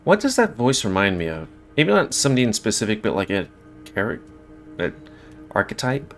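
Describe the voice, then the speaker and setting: A man's voice: on the low side, huge pitch swings, brisk, fairly bright tone. A man casually commenting while playing a video game, rambling and joking as he thinks aloud. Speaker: gameplay streamer. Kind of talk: casual let's-play commentary. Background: faint game music.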